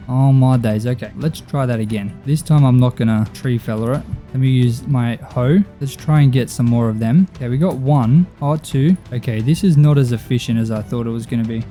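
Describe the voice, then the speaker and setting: A young man chatting his way through a video game, excitable and self-talking, cheering on his pets as he plays. His voice sits at a middling pitch with a very dark, mellow tone, and soft music plays faintly behind him. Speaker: gaming YouTuber. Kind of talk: casual gameplay commentary.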